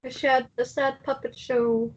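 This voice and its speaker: Breathy woman chiming in with questions. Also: high voice, little pitch movement, measured pace. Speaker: co-host. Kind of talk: casual chat. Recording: dull lo-fi recording.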